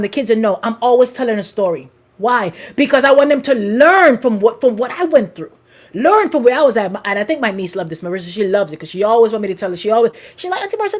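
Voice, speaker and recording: A woman with a bright, high-pitched voice preaches at a live service, weaving personal stories into her sermon. She's lively and animated, repeatedly restarting her phrases and calling out directly to the congregation in the pews.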